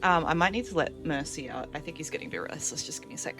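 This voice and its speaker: A woman's voice: deep voice, lively intonation, very fast, creaky, music in the background. A woman streaming a game at home, chatting casually with her viewers and laughing easily. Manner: chatty, reads out and answers chat, laughs easily. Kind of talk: casual live-stream chat while gaming.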